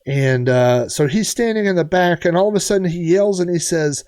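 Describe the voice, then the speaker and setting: A man's voice: high voice, moderate pace, hardly any pauses, a little mellow. A middle-aged man streaming retro games, telling a story casually with lots of fillers and restarts. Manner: rambling, many fillers and restarts.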